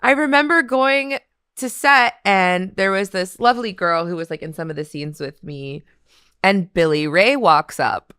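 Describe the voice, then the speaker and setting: A woman's voice: medium pitch, measured pace, smooth, no room sound, studio quality. A woman from Canada, a guest in casual chat, telling stories with frequent laughter and acting out the people she quotes. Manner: laughs often, animated storytelling, acts out quoted voices.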